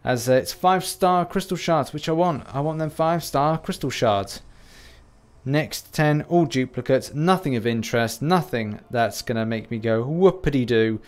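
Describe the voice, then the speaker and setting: Over gameplay footage, a British man who makes YouTube gaming videos chats casually at normal speed in a mid-range voice. His commentary wanders, cracks jokes, and is full of self-mockery.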